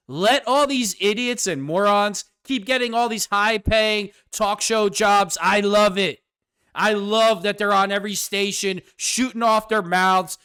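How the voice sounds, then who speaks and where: A man's voice: sits high, fairly bright tone, clean tone, no room sound, studio quality. A man hosting his own show, delivering a sarcastic, combative political commentary rant. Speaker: host.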